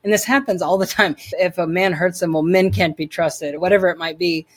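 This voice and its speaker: A woman's voice: fairly low pitch, steady tone, a little fast. A woman telling her personal faith story as an interview guest, earnest and emphatic, often repeating words as she restarts.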